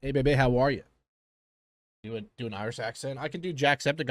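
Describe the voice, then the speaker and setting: A man's voice: medium pitch, quick pace, no room sound, clean studio sound. A man streaming a reaction to a TV episode, joking and riffing casually as he talks to his chat.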